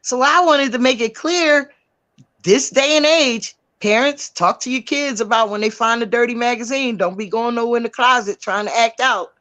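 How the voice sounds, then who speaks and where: A woman's voice: on the high side, normal speed, fairly bright tone. A woman speaking bluntly and emphatically on a livestream panel, repeating her points for effect. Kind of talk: heated livestream chat.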